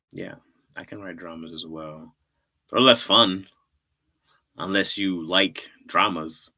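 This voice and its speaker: Low, bright-voiced laid-back man. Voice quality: laid-back, slangy, laughs often. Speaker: livestream host and comedy writer. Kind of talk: casual livestream chat with viewers.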